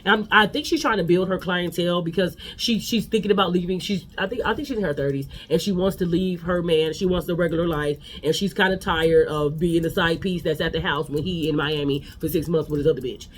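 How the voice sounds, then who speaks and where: A man's voice: high-pitched, a little fast, few pauses, fairly bright tone, a little hiss or hum. A man giving a casual, sassy gossip recap of a reality show, talking straight to his viewers.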